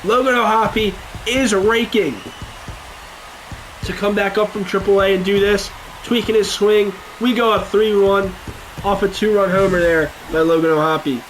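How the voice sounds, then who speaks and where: A young man giving casual commentary over a baseball video game, getting loud and excited at big plays. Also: high voice, a little slow, slight background noise. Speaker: gaming YouTuber.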